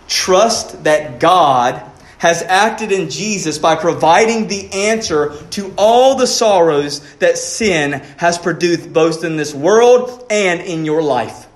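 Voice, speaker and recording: A man preaches a sermon in a high, earnest voice, pressing his listeners with pleading rhetorical questions. He speaks slowly and deliberately. His words ring out in an echoey church room. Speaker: pastor.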